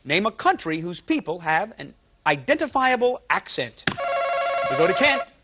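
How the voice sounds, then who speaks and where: A man's voice: high voice, big pitch swings, normal speed, slightly rough. A man hosting a game show, joking and teasing contestants. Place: television studio with audience. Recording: loud studio audience and noise.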